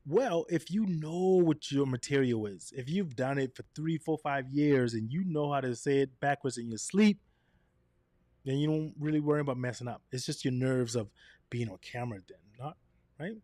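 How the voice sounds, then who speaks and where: Clean studio audio with no echo carries this man's mid-range voice at a normal pace. Leading a presentation-coaching session on camera presence, he is animated and changes his tone to illustrate each point, often asking "right?"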